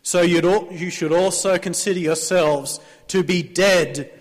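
A male Australian pastor delivers his sermon in an easy, conversational way, pitched a little high for a man, and keeps inviting the congregation to call back amen. His throat is sore. The sound carries a long church-hall reverb. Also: unhurried. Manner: conversational preaching, prompting the congregation to answer amen.

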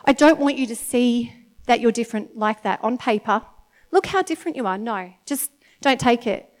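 A woman in her thirties with an Australian accent, giving a chatty, animated sermon to a congregation and often laughing. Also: fairly high pitch, normal speed. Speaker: church speaker. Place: church meeting in front of an audience.

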